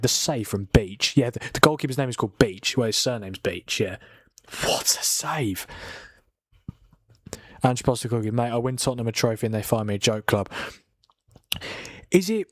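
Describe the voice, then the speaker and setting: A man's voice: medium pitch, no echo. A young man chatting casually on a live football watchalong stream, a little tired, swearing now and then and reading out viewer comments. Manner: chatty, swears, laughs, reads out viewer chat. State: tired from a long night of watching.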